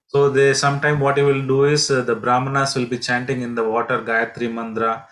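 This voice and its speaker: Man, halting storyteller. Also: medium pitch, flat delivery, fairly bright tone, low-quality recording. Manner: halting, with many fillers and restarts. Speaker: pilgrimage guide and teacher. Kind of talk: devotional storytelling lesson.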